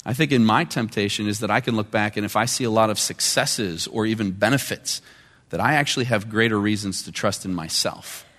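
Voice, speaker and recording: Male pastor, conversational sermon delivery with quiet and emphatic turns, recorded in a reverberant church hall. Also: medium pitch. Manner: conversational preaching, shifting between quiet and emphatic. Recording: long reverb of a large hall.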